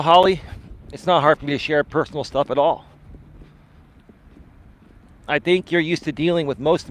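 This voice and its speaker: Expressive life coach talking on a walk. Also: male voice. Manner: expressive, swinging pitch up and down, often tags "right?". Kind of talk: live-stream chat answering viewer comments. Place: outdoors on a walk.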